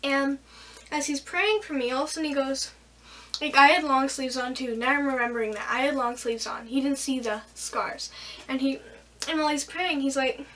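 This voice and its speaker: A young woman in her bedroom, casually retelling a personal story in a rambling, animated way, acting out the voices of the people in it. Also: sits high, normal speed, far from the mic. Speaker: vlogger.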